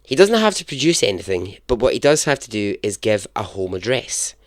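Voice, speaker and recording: A man's voice: on the low side, sing-song, a little fast, no echo, studio quality. A man hosting a podcast, telling a true story in a chatty, self-deprecating way and chuckling at his own jokes. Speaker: podcast host. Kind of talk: casual storytelling narration.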